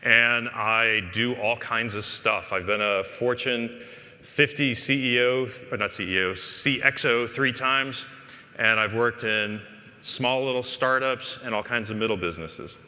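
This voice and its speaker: A man giving a joking, animated conference talk, speaking straight to the audience in a conference hall. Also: medium pitch, a little slow. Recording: long hall reverb.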